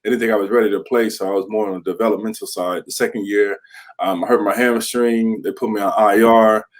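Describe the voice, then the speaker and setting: A man's voice: fairly low pitch, fairly even intonation, fast. A man in his thirties, a former pro football player, tells stories in a candid podcast interview and acts out the teammates he quotes.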